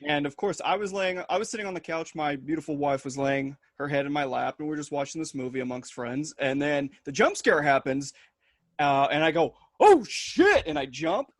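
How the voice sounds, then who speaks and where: Guy cohosting a podcast, kinda high voice, swears a lot, tells stories all animated, dry close mic. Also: a little fast, dry recording. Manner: swears freely, animated storytelling. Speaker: podcast co-host. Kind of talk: casual chat.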